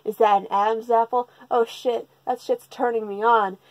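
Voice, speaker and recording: Crude, pushy teenage sister, brash and teasing, a little high, voiced by a woman recapping. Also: fairly even intonation, normal speed, no echo, natural voice. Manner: brash, foul-mouthed teasing.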